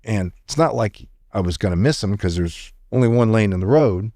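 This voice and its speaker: A middle-aged man with a fairly low voice tells a story as a podcast guest. He is an animated storyteller who slips into the voices of the people he quotes. The sound is dry and close, with no room echo. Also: moderate pace. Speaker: podcast guest, retired intelligence officer. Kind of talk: storytelling in conversation.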